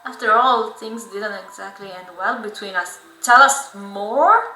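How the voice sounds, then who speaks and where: Brief: woman gamer reading story text, bright and lively, roomy echo with faint game music underneath. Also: mid-range voice, a little slow. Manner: animated, laughing reactions. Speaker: gamer streamer. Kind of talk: reading and reacting to a visual novel.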